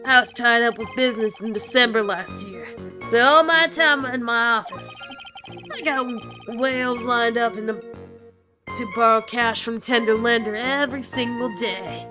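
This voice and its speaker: A swaggering mobster loan shark, all gruff street slang and threats, as a woman puts him on. He leans on a clumsy attempt at a tough drawl, voiced a touch higher than a real thug, over faint game music. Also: a little slow, close to an everyday voice. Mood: menacing.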